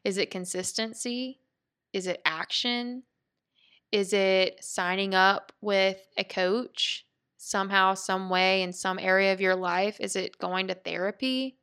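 A woman's voice: mid-range voice, steady tone, a little slow, a bit bright, smooth. A woman hosting a podcast, talking in an earnest, heartfelt way and thinking aloud with restarts. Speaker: podcast host. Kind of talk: reflective motivational monologue.

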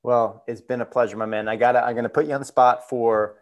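A man's voice: mid-range voice, little pitch movement, quick pace. A man hosting a podcast, talking in a friendly, laid-back, upbeat way. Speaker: podcast host. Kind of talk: casual podcast chat.

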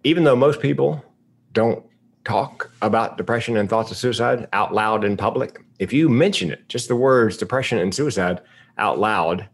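Man, fifties, husky voice, lowish pitch, comic storytelling with deadpan asides. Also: normal speed. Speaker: speaker. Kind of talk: public talk.

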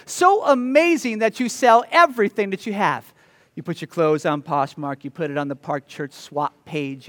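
A male pastor preaching a sermon, telling the story with lively, playful asides to the congregation. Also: sits high, long reverb tail. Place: church sanctuary.

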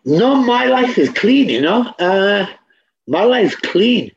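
A man's voice: sits high, sing-song, slow pace, muffled recording, slight background noise. A man in a candid documentary interview, talking bluntly with swearing and repeating himself.

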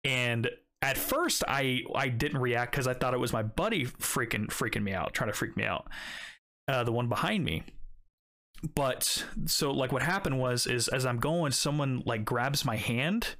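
A man's voice: medium pitch, animated, unhurried, pushed and bright. A young man casually telling a story, swearing often and rambling with many fillers. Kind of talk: casual chat.

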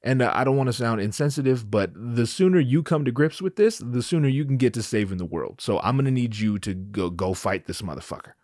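A man's voice: mid-range voice, lively intonation, a little fast, few pauses, darkish tone, no echo, clean studio sound, natural voice. A man doing a slangy, pushy old mentor. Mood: blunt. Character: streetwise old male mentor, blunt and pushy.

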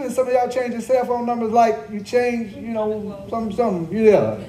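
A man's voice: very high voice, steady tone, fairly quick, warm tone, echoey room, rough recording. A male pastor delivering a sermon, repeating key phrases, quizzing the congregation and adding joking asides. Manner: conversational preaching with joking asides. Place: church service.

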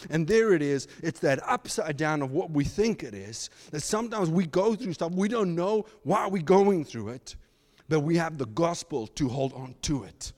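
A man preaching a sermon as pastor, animated, slipping into mocking asides in put-on voices. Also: on the high side, moderate pace, in a large hall. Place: church.

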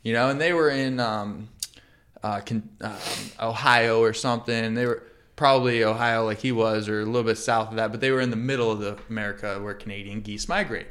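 A man hosting a casual podcast chat, profane and animated as he tells stories. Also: fairly low pitch, brisk. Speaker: podcast host.

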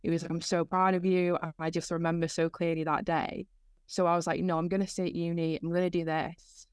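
Young woman, steady earnest storyteller. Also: fairly low pitch, fairly quick, clear, resonant tone, no room sound, clean studio sound. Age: young adult. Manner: earnest storytelling, many fillers like "like". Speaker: university student guest. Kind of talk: casual podcast conversation.

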